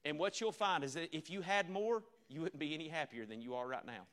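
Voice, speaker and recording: A visiting preacher delivers a revival sermon, earnest and repetitive, asking the congregation rhetorical questions. His voice is a little high, a bit bright, and fairly quick.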